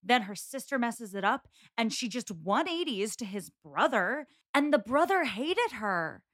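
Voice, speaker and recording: A woman discusses a film adaptation on a podcast, comparing it thoughtfully to the book. Her voice sits slightly high and the recording is dry. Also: very animated, unhurried, fairly bright tone, no room sound. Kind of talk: casual chat about a film.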